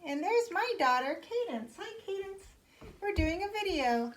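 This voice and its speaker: High, slow-paced woman teaching kids' yoga. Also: sing-song. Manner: gentle, slow and encouraging, guiding step by step. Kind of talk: guided kids' yoga class.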